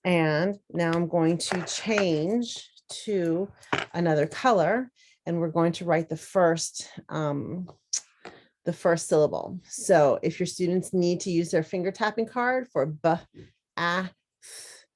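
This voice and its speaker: Slow, low-voiced teacher. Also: female voice, darkish tone, poor audio. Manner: slow, deliberate, sounding out words. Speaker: teacher demonstrating a lesson. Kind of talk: instructional demonstration.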